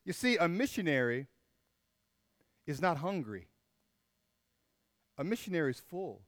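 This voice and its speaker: A man preaching a sermon, emphatic and repeating his key phrases, dropping to a hush on the final words. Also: a little high, sing-song, unhurried, no echo, clean studio sound.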